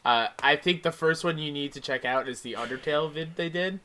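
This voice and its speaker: A man's voice: a little high, brisk, sharp tone, slight background noise. A man co-hosting a casual podcast, easygoing and agreeable with hesitant starts. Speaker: podcast co-host.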